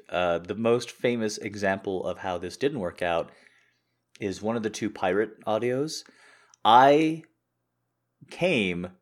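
A man hosting his own podcast, answering listener questions in a chatty, jokey way and closing with a sincere sign-off. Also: lowish voice. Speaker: podcast host. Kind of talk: casual Q&A chat.

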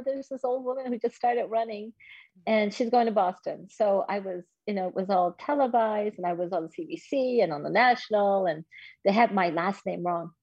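A woman's voice: mid-range voice, slightly rough, dry recording, muffled recording. A woman in her fifties telling a personal story in an interview, candid and self-deprecating. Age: 50s. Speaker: guest.

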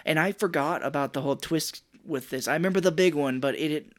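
A man co-hosts a laid-back film podcast, recapping scenes in loose, profane chat. When he quotes people he slips into quick put-on voices. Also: on the high side. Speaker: podcast co-host. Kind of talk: casual chat.

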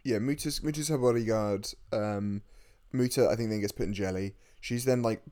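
A man's voice: fairly low pitch, moderate pace, warm tone. A man co-hosting a casual film chat, chiming in with short dry remarks. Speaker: podcast co-host.

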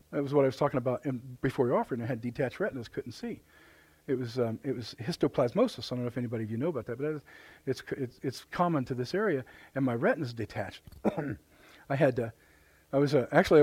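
A middle-aged man with a Midwestern American accent preaching a live sermon in church, animated and joking, often repeating his words. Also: mid-range voice, breathy edge, no room sound. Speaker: pastor. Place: church sanctuary.

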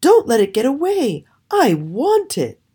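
A woman's voice: sits high, huge pitch swings, measured pace, mellow, slightly rough, pitched above the performer's own voice, exaggerated voice. A woman voicing a spoiled young princess in a storybook reading, with an eager, demanding manner.

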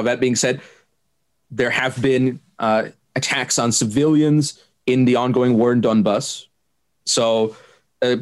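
A man answering interview questions, laying out his view in a careful, measured way and pausing often with hesitant fillers. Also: mid-range voice. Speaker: interviewee explaining politics. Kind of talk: unscripted explanatory interview.

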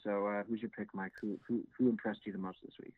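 A man's voice: on the low side, very animated, fast, gravelly, husky, no room sound. A man co-hosting a casual sports podcast, hesitant with many fillers and restarts. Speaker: podcast co-host. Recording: tinny phone-like sound.

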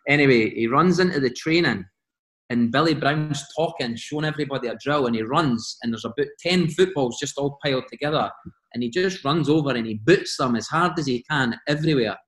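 A man with a Scottish accent telling animated stories as a podcast guest, laughing often and quoting teammates. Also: medium pitch, fairly quick, reverberant. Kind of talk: casual storytelling.

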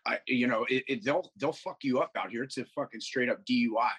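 A man's voice: medium pitch, fairly quick, a bit bright, husky, low-quality recording. A man guest on a podcast, rambling through stories in a casual, profane way over a video call. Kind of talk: casual chat.

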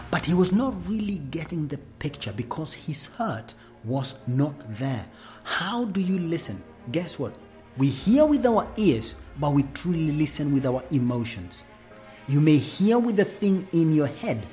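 A woman's voice: deep voice, dark tone. A woman giving a motivational talk on family, preachy and full of questions to the listener, with faint music behind. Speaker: speaker on family relations.

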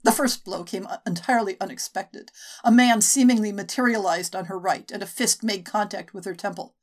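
A woman narrating a short story for a podcast in a measured, steady way. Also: medium pitch. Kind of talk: audiobook narration.

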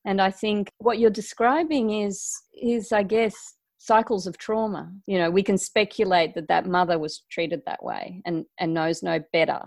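Calm, thoughtful woman, dry close sound. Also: mid-range voice, normal speed, vocal fry, few pauses, no echo. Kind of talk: reflective conversational chat.

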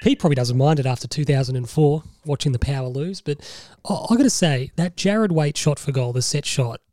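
An Australian man with a slightly high voice, hosting a podcast over a call. He talks in a lively, casual way, laughing often and cursing. The sound is dry and close. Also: fairly quick, no echo. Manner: animated, swearing, laughs a lot. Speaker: podcast host. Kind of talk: casual chat. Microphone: video call.

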